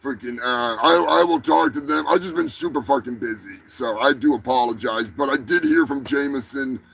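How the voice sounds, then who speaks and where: A man's voice: medium pitch, normal speed, creaky, crowd noise, poor audio. A man hosting a comedic live stream, talking in a crude, rambling, profane way. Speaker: host. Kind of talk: crude comedic livestream chat.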